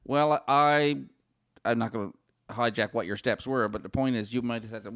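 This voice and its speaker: A man's voice: lowish voice, fairly even intonation, fairly quick, a bit bright, dry recording. Guy on a podcast giving pep-talk advice, repeats himself to hammer it home, dry mic. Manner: earnest, encouraging, repeats points for emphasis. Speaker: podcast guest. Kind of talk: casual conversation.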